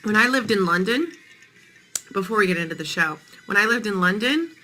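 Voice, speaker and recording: A woman's voice: medium pitch, expressive, a little fast, pushed and bright, a little hiss or hum, rough recording. A woman in her thirties hosting a casual morning live stream, chatting playfully with viewers while her voice sounds tired.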